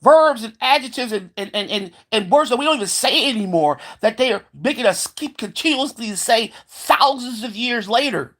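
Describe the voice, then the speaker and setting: Vlogger ranting to camera: heated and sarcastic, swears nonstop, trips over repeated words, medium pitch. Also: expressive, moderate pace, few pauses, a bit bright. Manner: stumbles into repeated filler words; mocking voices of believers. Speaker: solo vlogger. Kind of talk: profane rant to camera.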